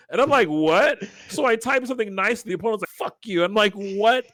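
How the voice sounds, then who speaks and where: This man co-hosts a casual podcast and tells stories with energy, acting out everyone's lines as he goes. His voice sits a little high and swings widely in pitch. The sound is dry and close, with no room echo. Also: a little fast. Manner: animated storyteller who acts out quoted lines. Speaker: podcast co-host. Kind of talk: casual chat.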